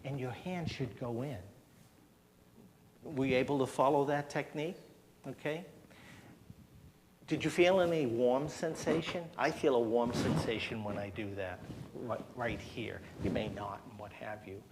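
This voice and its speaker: At a health seminar held in a church hall, a man explains a breathing technique one step at a time, demonstrating and encouraging the audience to follow. He often asks "okay?" His medium-pitched voice runs at normal speed, with slight background noise.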